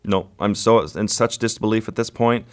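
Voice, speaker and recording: A man, a guest photographer, recounting an encounter in a vivid, measured way during an interview. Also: lowish voice, fairly even intonation. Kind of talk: storytelling interview.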